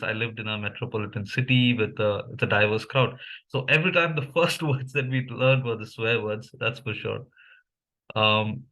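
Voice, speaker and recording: Medium in pitch and sharp in tone, a young Indian man with an Indian English accent and Malayalam as his first language vlogs about language. He casually comments on memes, often restarting and using fillers.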